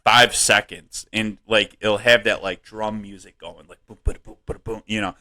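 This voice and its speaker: A man co-hosting a comedy podcast, rambling and swearing in casual chat, laughing often and jumping up in pitch when worked up. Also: normal speed. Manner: animated, voice jumps up when worked up. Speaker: podcast co-host.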